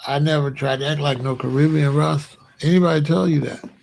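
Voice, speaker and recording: A man's voice: a little high, steady tone, brisk, gravelly, a little mellow. An American man hosting his own show, talking casually and at length to viewers, repeating himself and boasting. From United States. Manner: rambling, repetitive, boastful. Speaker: commentary show host.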